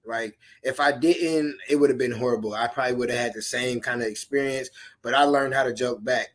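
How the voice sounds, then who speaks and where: Blunt, animated man in casual talk. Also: mid-range voice, brisk. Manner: blunt, animated storytelling with colloquial speech. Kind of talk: casual conversational chat.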